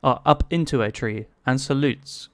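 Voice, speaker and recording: A man's voice: medium pitch, normal speed, no room sound, studio quality. A man narrating a tabletop game as game master, hesitant, with many fillers.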